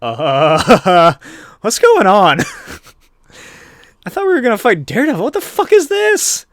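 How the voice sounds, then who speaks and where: A man playing a pair of cackling psycho street thugs who jump into a squeaky, disbelieving jeer. The voice is dry and close. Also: huge pitch swings, takes it slowly, fairly bright tone, no echo, heavily acted. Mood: mocking. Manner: squeaky, incredulous and jeering.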